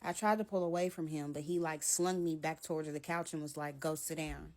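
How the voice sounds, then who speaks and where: A woman's voice: low-pitched, fairly even intonation, brisk, a little mellow. A woman telling a personal story in casual storytime style, candid and blunt, walking through the events step by step.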